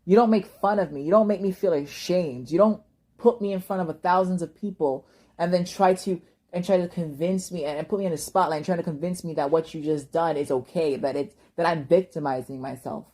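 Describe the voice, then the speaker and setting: A young woman pours out an impassioned vlog monologue in a low, husky voice. Her tone is mellow and dark, and she curses and stumbles over repeated words as she rants. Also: a little fast. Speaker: vlogger. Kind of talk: emotional personal monologue.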